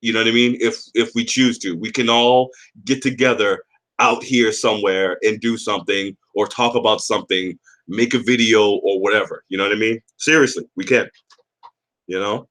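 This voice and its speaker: A man's voice: fairly low pitch, fairly even intonation, normal speed, fairly bright tone. A man from the area, hosting a casual livestream chat, rambling, cursing and reading out chat comments. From Boston area. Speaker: livestream host.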